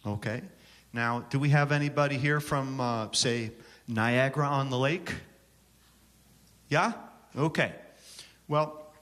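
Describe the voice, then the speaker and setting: A man's voice: medium pitch, a bit bright. A man from Syracuse, New York, presenting a songwriting workshop at a conference, joking and bantering with the audience. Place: conference hall with a live audience. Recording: long reverb from a hall.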